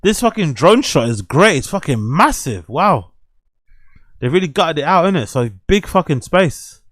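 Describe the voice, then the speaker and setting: A young man with a fairly high voice hosts a casual show, reading news items aloud and breaking off into excited, profane reactions. The sound is dry and close, with no room around it. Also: moderate pace, dry recording. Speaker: host.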